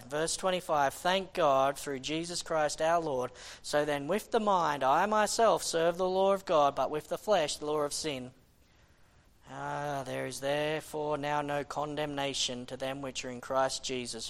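A man preaching a sermon with fervent conviction. His delivery rises to loud, pleading bursts and then drops into quiet, sighing asides. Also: on the high side. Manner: impassioned, swings between loud exhortation and quiet, sighing asides. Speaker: missionary preacher.

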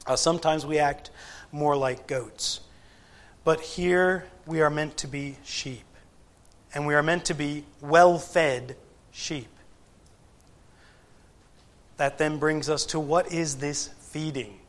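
A man preaching a sermon to a gathered congregation, deliberate and emphatic, with frequent pauses and rhetorical questions. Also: a little high, steady tone. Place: church gathering.

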